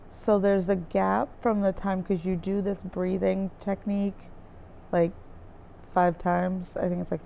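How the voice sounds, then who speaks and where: Woman vlogger, warm gravelly tone, rambling and filler-heavy, slightly muffled home recording. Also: fairly low pitch, a little hiss or hum. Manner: rambling, searching for words, many fillers. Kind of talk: casual diary-style recap. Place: dim room indoors by a window with trees outside.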